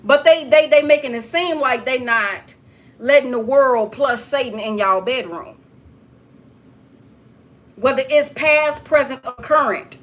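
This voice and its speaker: A woman's voice: sits high, measured pace, pauses often. A woman giving a preachy straight-talk monologue, lecturing listeners with emphatic repetition.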